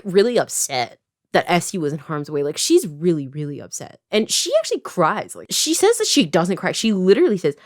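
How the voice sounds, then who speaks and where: A woman in her twenties from Canada, casually recapping a story in a chatty way full of fillers, briefly quoting characters as she goes. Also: on the low side. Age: 20s. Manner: chatty, filler-heavy, lots of "like"; animated, quoting characters in quick voices. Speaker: writer and video creator.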